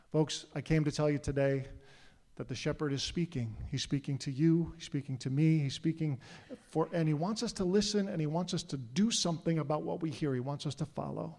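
Earnest pastor preaching in a reverberant hall. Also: male voice, fairly high pitch, a little mellow. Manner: earnest, asks the congregation questions. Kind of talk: sermon. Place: church sanctuary.

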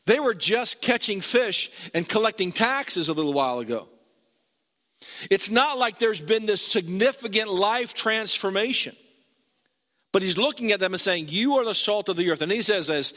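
A man's voice: sits high, animated, measured pace, sharp tone. A man preaching a sermon, conversational and emphatic, putting questions to his listeners. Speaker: pastor. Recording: long hall reverb.

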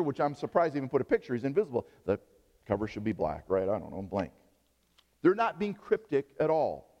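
A man's voice: fairly high pitch, a little mellow, in a large hall. A middle-aged male pastor preaching a sermon, joking and quizzing his congregation.

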